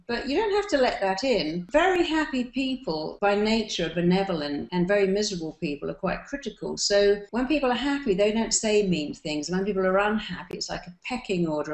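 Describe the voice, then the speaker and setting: A woman giving a motivational self-help talk, coaching listeners and acting out little everyday dialogues. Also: mid-range voice. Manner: warm-hearted coaching, acts out little dialogues. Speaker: hypnotherapist giving advice. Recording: roomy echo.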